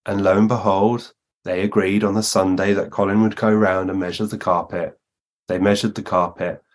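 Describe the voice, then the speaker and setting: Man with a lower voice, long anecdotes on a conversation show, quotes others in their voices. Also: flat delivery, moderate pace. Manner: narrates at length, acting out the speakers he quotes. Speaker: guest medium.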